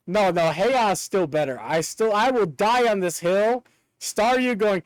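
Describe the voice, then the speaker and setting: Male streamer, excitable and profane, high lively voice, smooth and close on a dry mic. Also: moderate pace, no room sound. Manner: excitable, swears, bursts into laughter. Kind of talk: casual live-stream chat.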